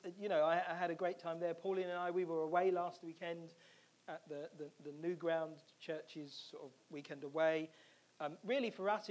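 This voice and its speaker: A man preaching a sermon, telling a personal story in a lively way and acting out his own reactions. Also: fairly high pitch. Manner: animated storytelling, acts out his own screams and quotes. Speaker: pastor.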